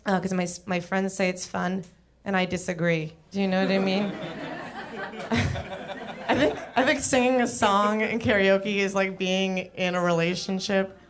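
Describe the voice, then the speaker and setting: A woman's voice: mid-range voice, level tone, normal speed, some chatter behind. A young adult woman performing a stand-up comedy set on a club stage, chatty and self-deprecating with lots of "like".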